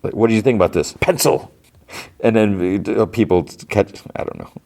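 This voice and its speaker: A middle-aged man hosting a podcast, retelling an episode in a rambling, animated way with lots of fillers and restarts. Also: fairly low pitch, fairly quick. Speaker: podcast host. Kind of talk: casual episode recap.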